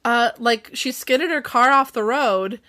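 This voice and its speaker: Unhurried and a little high, a young woman's voice carries a casual podcast chat where she recaps a book. As host, she retells the plot in a chatty, animated way, laughing along.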